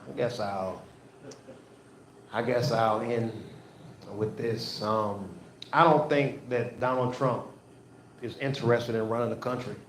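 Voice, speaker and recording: A man's voice: mid-range voice, fairly even intonation, takes it slowly, long pauses, a little hiss or hum. A man doing a stand-up routine on a comedy club stage, telling loose, profane stories and repeating his lines. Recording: echoey live venue.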